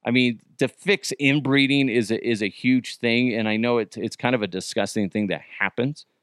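A man's voice: mid-range voice, steady tone, moderate pace, a bit bright, clear, resonant tone, no room sound, studio quality. A man hosting a comedy podcast, chatting casually and rambling, with many restarts and asides. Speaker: podcast host.

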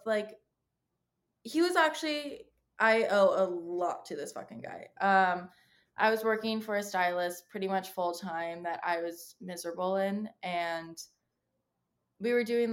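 A woman in her twenties telling candid stories in a casual chat, acting out the lines of people she quotes and swearing freely. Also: mid-range voice. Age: 20s. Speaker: podcast guest.

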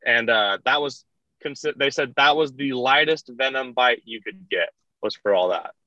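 A man's voice: mid-range voice, moderate pace, bright, forceful tone, dry recording. A young man telling a story in casual rambling style, full of "like" and laughing through his retellings. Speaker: podcast guest, kayaker. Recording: dull lo-fi dry sound.

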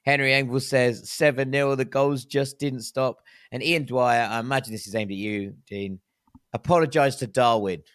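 A man in his thirties hosting a casual football podcast, chatty and self-deprecating with quick asides. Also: medium pitch, steady tone, a bit bright. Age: 30s. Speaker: podcast host.

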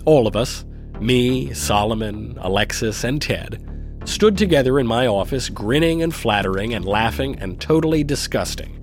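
A man giving scripted first-person dramatic narration in a measured, sardonic and self-mocking way. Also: mid-range voice, lively intonation, soft background music. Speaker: narrator and reader.

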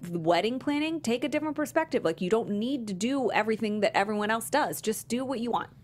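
A woman's voice: a little high, expressive, quick pace, darkish tone, a little hiss or hum. A woman co-hosting a podcast, chatting casually in a frank, rambling way. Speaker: podcast co-host. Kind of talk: casual chat.

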